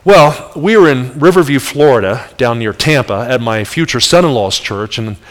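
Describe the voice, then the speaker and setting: Middle-aged male evangelist from New Jersey, animated storyteller preaching in a church with long hall reverb. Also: medium pitch, moderate pace. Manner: animated storyteller, voice jumps up for the punch lines. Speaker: traveling evangelist. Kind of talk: sermon with personal story.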